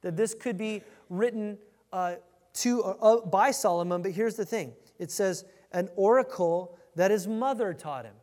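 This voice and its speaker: A man preaching a conversational sermon as a pastor, reading scripture with animated emphasis. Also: high-pitched, normal speed. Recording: long reverb of a large hall.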